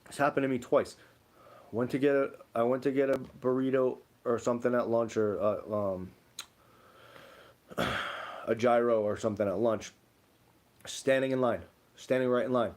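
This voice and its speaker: A man's voice: medium pitch, darkish tone. A young man co-hosting a livestream, telling rambling stories in casual chat and reading out viewer comments, full of "like" fillers. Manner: rambling storytelling, many "like" fillers. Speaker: livestream co-host.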